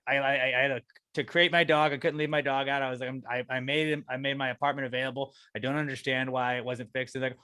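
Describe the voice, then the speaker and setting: A man co-hosting a podcast, telling a long profane rant about his apartment that keeps climbing in pitch when he gets angry. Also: steady tone, fast talker, pushed and bright, dry recording. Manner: ranting, profane storytelling, voice rising when angry. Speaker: podcast co-host. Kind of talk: casual chat.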